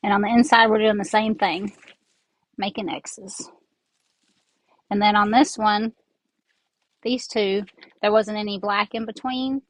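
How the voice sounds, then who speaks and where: This craft host, a Southern-accented woman stuffy with sinus congestion, chats and rambles through a casual craft tutorial as her hands stay busy. Her mid-range voice is flat and moderately paced, recorded on an earbud mic with low quality and no room sound.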